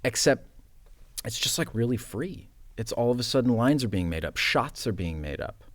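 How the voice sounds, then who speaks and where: A man who is an actor, guest on a studio podcast, telling casual stories in an animated, self-mocking way with the odd swear word. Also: mid-range voice, normal speed, dry recording. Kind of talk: casual storytelling chat.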